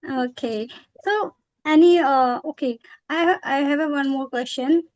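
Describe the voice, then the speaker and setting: A woman's voice: sits high, a little slow, a little mellow, dry recording, lo-fi sound. A woman, chatting in a practice conversation and hesitating often with fillers and self-corrections. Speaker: English practice partner.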